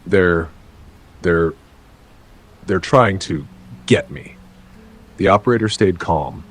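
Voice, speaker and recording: Male horror-story narrator, deep low voice, measured dramatic reading, faint hiss behind. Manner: measured, dramatic delivery with short halting phrases.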